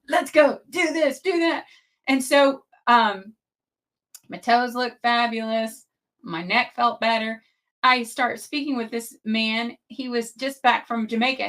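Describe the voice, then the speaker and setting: A middle-aged woman tells a personal story on her podcast in a chatty, animated way, full of asides and feeling. Her voice sits a little high and rings bright and forceful. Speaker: podcast host.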